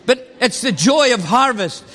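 A man in his sixties with a high voice preaches to a congregation. His delivery is animated and exclamatory, full of laughter. The sound rings with the long reverb of a large hall. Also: unhurried. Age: 60s. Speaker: pastor. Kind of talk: sermon.

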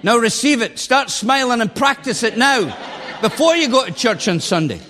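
A man in his sixties preaching a sermon as pastor, animated and exclamatory, often breaking into laughter. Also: very high voice, normal speed. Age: 60s. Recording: long echoing hall reverb.

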